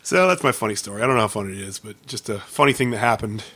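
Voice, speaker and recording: A man's voice: on the low side, lively intonation, racing, bright, forceful tone. A man co-hosting a podcast, casually telling funny anecdotes and laughing often. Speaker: podcast co-host. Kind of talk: casual chat, storytelling.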